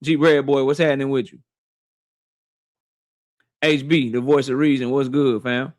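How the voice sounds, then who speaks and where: A man hosting a boxing livestream, shouting out viewers by name in loose, slangy casual talk. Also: mid-range voice, level tone, moderate pace, dry recording, studio quality.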